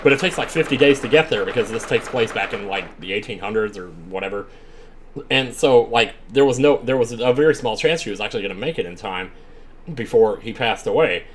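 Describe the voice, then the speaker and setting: A man giving chatty, excitable commentary while playing a video game, with frequent exclamations. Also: on the low side, brisk, slight background noise. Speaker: let's play streamer. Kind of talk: gaming commentary. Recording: faint game music behind.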